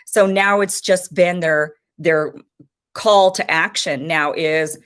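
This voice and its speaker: Woman, political commentator, impassioned, frustrated, fairly low voice. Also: slow, fairly bright tone, clear, resonant tone.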